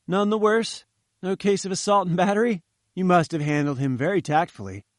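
An eager young journalist talks quickly and confidingly, full of enthusiasm, as a man reads him aloud. The voice sits a touch high and is recorded dry and close. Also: no echo, natural voice. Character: eager, talkative male journalist, young adult. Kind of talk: audiobook character reading.

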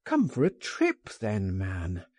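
A man voicing an urgent, impatient friend pleading and insisting, raised and animated in a storybook reading. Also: on the low side, takes it slowly, slightly rough, no echo, heavily acted.

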